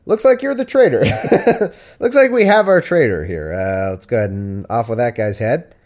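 Man putting on a smug, ruthless high-voiced king. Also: big pitch swings, normal speed, a little mellow, close to an everyday voice. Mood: gleeful.

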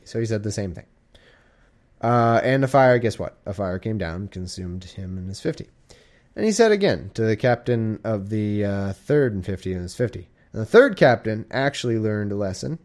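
A man with a lowish voice reads scripture in a loose, irreverent way, sounding a little drowsy in a warm room. He keeps stopping to joke and paraphrase, and he lifts into hammy, mock-dramatic voices for the quoted lines. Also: animated, moderate pace. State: drowsy, sleepy. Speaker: casual Bible reader. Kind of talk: irreverent casual reading with commentary.

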